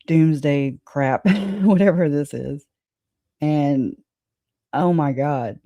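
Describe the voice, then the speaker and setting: A woman's voice: low-pitched, drawn-out words, warm tone, dry recording, lo-fi sound. A woman hosting a livestream in casual chat, rambling, laughing often and swearing casually. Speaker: livestream host.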